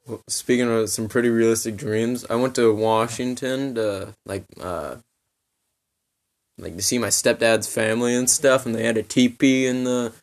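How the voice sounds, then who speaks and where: A man's voice: medium pitch, steady tone, normal speed. A young man co-hosting a casual podcast, telling a story in a laid-back way, full of "like" and swearing. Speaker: podcast co-host.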